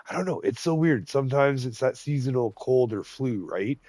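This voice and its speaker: A man's voice: medium pitch, animated, moderate pace, hardly any pauses, darkish tone, dry recording. A middle-aged man with a cold, his voice nasal and congested, chatting folksily through farming gameplay as a gaming channel host and chuckling often. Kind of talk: casual gameplay commentary.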